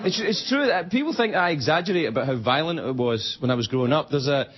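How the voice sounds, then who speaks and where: A Scottish man runs his late-night monologue in a high, bouncing voice that leaps all over. He laughs through the lines and breaks into mock outrage. The sound is dull TV audio, and a big studio crowd laughs loudly behind him. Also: lively intonation, fast talker, noisy background. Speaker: late-night talk show host. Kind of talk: stand-up comedy monologue. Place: TV studio with live audience.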